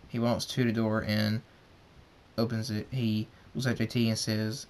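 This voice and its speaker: A man's voice: fairly low pitch, little pitch movement, normal speed, darkish tone. A man reading a fan story aloud, stumbling and repeating words as he narrates. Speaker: fan fiction reader.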